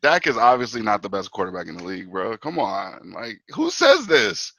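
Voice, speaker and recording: Male guest, lively fan talk, bright voice, dry close mic. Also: fairly low pitch, normal speed, no echo, rough recording. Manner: animated, fan talk full of "bro" and "man". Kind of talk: casual sports talk.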